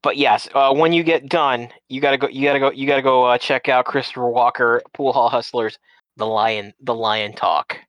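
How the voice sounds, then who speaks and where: Casual male talker, mid pitch, stumbling restarts, very dry booth-like sound. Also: steady tone, normal speed, a bit bright, no echo, muffled recording. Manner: rambling, many restarts and repeated words. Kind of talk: casual chat.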